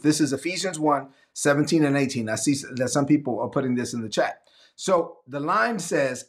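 A man's voice: medium pitch, brisk. A man preaching a sermon to a livestream audience, reading scripture and acting out Bible scenes in voices. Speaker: pastor.

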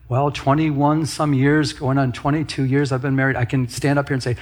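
Husky-voiced man preaching a sermon. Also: mid-range voice, fairly quick, few pauses. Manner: leads congregation in call-and-response; repeats and restarts phrases while preaching. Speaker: pastor.

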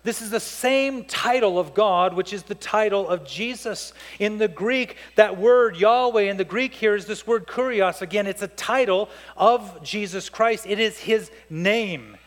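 A man's voice: high-pitched, unhurried, few pauses, in a large hall. A man preaching a sermon as pastor to his church, with emphatic rises and drops.

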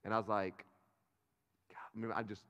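A man in his thirties from North Carolina, a pastor preaching a sermon and swinging from loud bursts to quiet asides. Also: lowish voice, flat delivery, moderate pace. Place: church auditorium. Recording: long reverb of a church hall.

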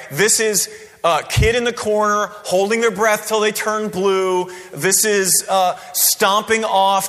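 A man preaching a sermon in a church, conversational and animated, often checking in with "right?". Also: sits high. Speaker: pastor. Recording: long hall reverb.

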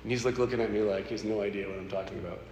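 A man's voice: fairly low pitch, very fast. Man telling a faith story in an echoey hall. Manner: animated, conversational storytelling. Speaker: speaker sharing a personal testimony. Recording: echoey hall with faint background noise.

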